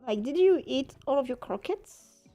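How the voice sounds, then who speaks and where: A woman's voice: sits high, lively intonation, moderate pace, dark tone, dry recording, soft background music. A young French woman streaming from home, chatting casually while she crafts, swearing freely and laughing often. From France.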